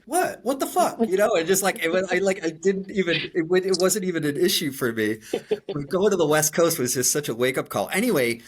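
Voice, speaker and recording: Frequent restarts punctuate the animated, self-deprecating stories of this middle-aged podcast co-host from Chicago. He has a Chicago accent and a mid-range voice, telling them conversationally.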